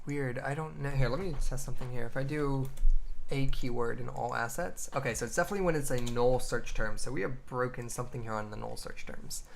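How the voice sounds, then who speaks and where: A man's voice: mid-range voice, steady tone, fairly quick, vocal fry, slight background noise. A man streaming as a game developer, thinking aloud as he codes, muttering half-finished lines and cursing mildly at bugs. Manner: mutters code aloud, trailing off, mild cursing. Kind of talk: casual livestream, thinking aloud while coding.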